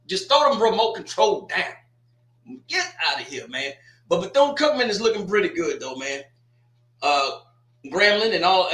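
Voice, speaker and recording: A man's voice: high-pitched, bright, forceful tone, reverberant. A man hosting a casual sports talk livestream, loose and joking, trash-talking teams between restarts and asides.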